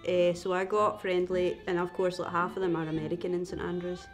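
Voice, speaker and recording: A woman's voice: fairly low pitch, level tone, fairly quick, faint music behind. Young Scottish woman, podcast guest, chatty, laughs easily, acts out anecdotes. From Scotland. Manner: chatty storyteller, laughs often, acts out voices. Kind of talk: casual chat.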